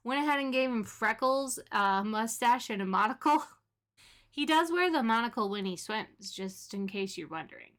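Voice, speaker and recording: Chatty woman with a fairly high voice. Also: expressive, normal speed, fairly bright tone. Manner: chatty and giggly. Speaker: gaming creator. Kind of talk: casual game commentary.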